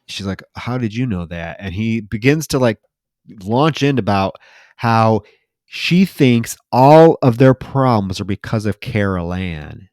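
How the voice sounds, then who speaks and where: A man's voice: fairly low pitch, lively intonation, slow, darkish tone, dry recording. Casual man retelling a movie scene. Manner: retells scenes acting out lines, filler-heavy. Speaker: podcast co-host. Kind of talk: casual movie recap chat.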